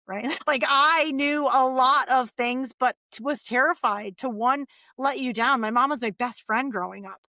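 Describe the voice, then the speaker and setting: A woman in her forties, a podcast guest, telling her life story in a lively, animated way and acting out the voices of people she quotes. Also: fairly high pitch, moderate pace, no echo, studio quality. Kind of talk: casual storytelling interview.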